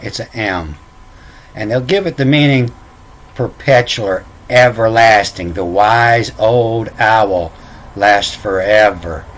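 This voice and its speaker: A man talks slowly through an unscripted explanation, often stalling and repeating himself before he spells out letters one by one. His pitch is ordinary for a man. A faint hum runs under the voice. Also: fairly bright tone. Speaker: self-taught lecturer.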